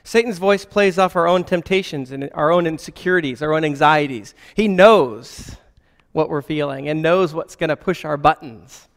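A man with a fairly high voice gives a relaxed Christian teaching, often checking in with his listeners through rhetorical questions. His voice carries a long reverb tail. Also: moderate pace. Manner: conversational, frequent rhetorical questions. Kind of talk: informal spoken teaching.

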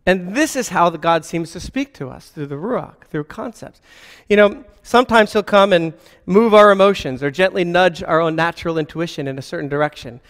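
Man, Christian teaching, conversational, rhetorical questions, slightly high voice, long reverb. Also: a bit bright. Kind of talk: informal spoken teaching.

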